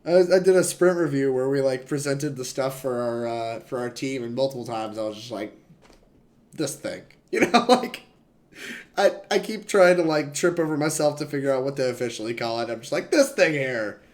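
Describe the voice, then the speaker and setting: A man's voice: mid-range voice, lively intonation, a little fast. A young man streaming a card game, chatting and rambling to his chat in a casual, laughing way. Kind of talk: casual gameplay commentary to chat.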